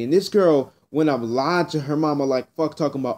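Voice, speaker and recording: Blunt rambling teenage guy, mellow voice. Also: a little high, brisk, hardly any pauses. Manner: blunt, rambling, repeats himself. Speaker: vlogger. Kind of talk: casual storytelling rant.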